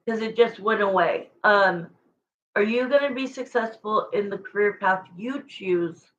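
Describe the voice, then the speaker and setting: Tarot reader, woman, chatty and emotional, unhurried delivery, slightly muffled audio. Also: mid-range voice, fairly bright tone, slight background noise. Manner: rambling, chatty, emotional, searches for words. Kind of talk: live-stream tarot reading to viewers.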